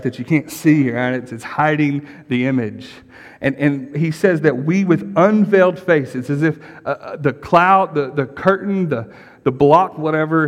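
A man's voice: on the high side, in a large hall. A middle-aged man, a pastor, preaching a sermon in a casual, conversational way and often checking in with the congregation. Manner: conversational, asks the congregation questions and repeats "right?".

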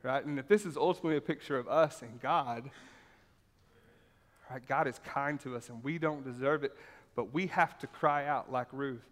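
A man's voice: medium pitch, normal speed. A man preaching a sermon and reading scripture aloud, talking conversationally, repeating points for emphasis and often asking the room "right?". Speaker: pastor. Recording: reverberant hall.

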